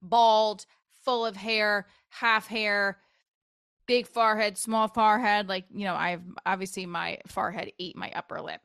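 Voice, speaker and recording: On her casual solo podcast, a woman of forty is frank and profane, skipping from one topic to another. Her mid-range voice is unhurried and fairly even, slightly bright, clear and resonant, with some vocal fry.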